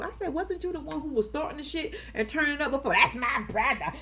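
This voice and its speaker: A woman's voice: sits high, fast talker, few pauses. A woman giving casual, profane, sassy commentary recapping a reality TV episode, acting out the people in it. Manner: sassy, profane, animated storytelling.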